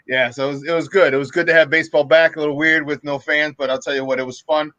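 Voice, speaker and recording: Man, sports talk host, casual morning show, upbeat, fairly high voice, dry close sound. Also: fairly even intonation, fairly quick, fairly bright tone, no echo, dull audio. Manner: upbeat, laughs often, addresses listeners directly. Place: remote virtual studio.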